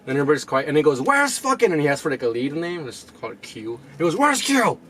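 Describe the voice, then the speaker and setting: A man's voice: mid-range voice, very fast, a little hiss or hum. A young man co-hosting a podcast, telling rambling, profane stories and acting out what people said, recorded on camera audio. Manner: rambling storyteller, swears a lot, acts out quotes. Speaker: podcast co-host. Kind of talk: casual chat.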